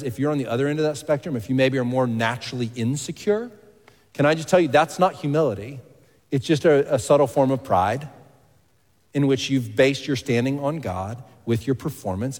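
Emphatic preacher in a reverberant hall. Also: male voice, medium pitch. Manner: emphatic, swings from loud exclamations to hushed asides. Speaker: pastor. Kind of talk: sermon. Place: church hall. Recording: long reverb of a large hall.

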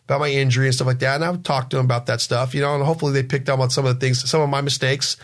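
A man's voice: medium pitch, steady tone. Rambling middle-aged man telling family stories. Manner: rambling, halting storyteller who restarts sentences; acts out family members' lines in the stories. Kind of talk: casual storytelling chat.

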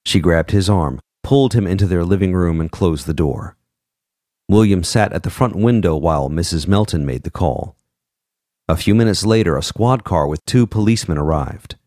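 A man narrating an audiobook in a measured, expressive way, voicing each character. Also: sits low, no room sound, clean studio sound.

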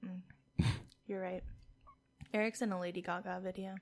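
A woman chatting casually on a podcast, gushing about attractive men and reacting quickly. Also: fairly low pitch, little pitch movement, darkish tone. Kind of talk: casual chat.

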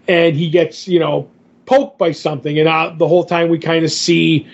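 A man's voice: a little high, flat delivery, unhurried, vocal fry, lo-fi sound. A man co-hosting a podcast, retelling a comic story in a rambling way, full of fillers and paraphrased dialogue. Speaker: podcast co-host. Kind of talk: casual comic book podcast recap.

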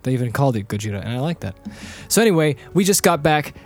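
A man's voice: medium pitch, big pitch swings, fast talker, faint music behind. A young man co-hosting a podcast in casual chat, talking in a dry, rambling, self-mocking way. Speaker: podcast co-host.

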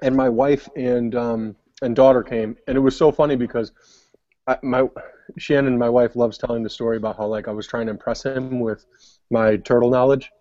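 Young man, podcast co-host, rambling casual storytelling, mellow dry voice, lo-fi sound. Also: mid-range voice, steady tone, normal speed, no room sound. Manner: rambling storyteller with many fillers. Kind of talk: casual chat.

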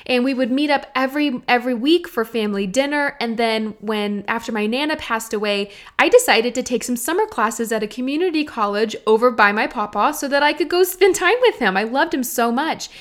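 A woman's voice: on the high side, brisk, hardly any pauses. A young adult woman, hosting a solo podcast in a chatty, earnest way that speaks directly to listeners. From Texas. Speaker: podcast host. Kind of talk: casual solo podcast talk.

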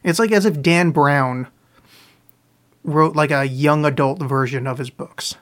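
A man's voice: fairly high pitch, unhurried, a bit bright. A man hosting a podcast live, answering listener questions in loose, profane, self-mocking chat, with a sore throat. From US East Coast. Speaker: podcast host. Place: home, live on video stream.

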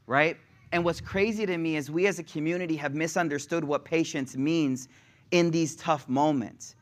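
A man's voice: a little high, steady tone, normal speed. Man preaching in casual street slang. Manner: casual slang, builds to raised passionate delivery. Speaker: religious teacher. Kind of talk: sermon.

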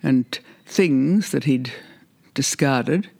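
A man's voice: mid-range voice, drawn-out words, vocal fry, a little mellow. An older man being interviewed, reminiscing in a rambling, hesitant way with frequent laughs. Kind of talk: reminiscing conversation.

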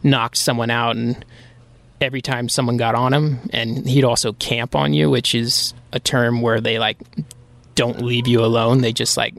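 A man's voice: medium pitch, little pitch movement, moderate pace, gravelly, fairly bright tone, no echo. A man from Pennsylvania, a bull rider guest on a podcast, telling stories casually and rambling with lots of filler "like". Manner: rambling, heavy use of filler "like". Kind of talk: casual storytelling.

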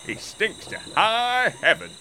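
A man's voice: high voice, animated, slow, background noise. Blunt Yorkshireman in comedy sketches.

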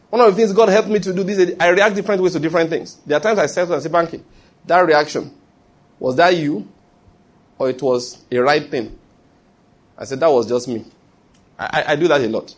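A middle-aged man with a Nigerian accent, preaching a sermon and telling lively stories with acted quotes. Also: a little high, husky. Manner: animated storytelling preaching with acted quotes and pidgin asides. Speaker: pastor.

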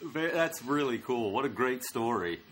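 A man's voice: medium pitch, expressive, moderate pace, heavy background noise. A man hosting a casual podcast, chiming in with short remarks and dry jokes. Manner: short interjections, easy laughs, dry quips. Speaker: podcast host.

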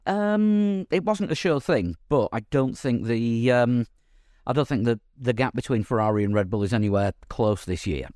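A man hosting a casual podcast chat, talking in a halting way with many ums and restarts. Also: medium pitch, lively intonation, a little mellow, clean tone, no echo, studio quality. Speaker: podcast host.

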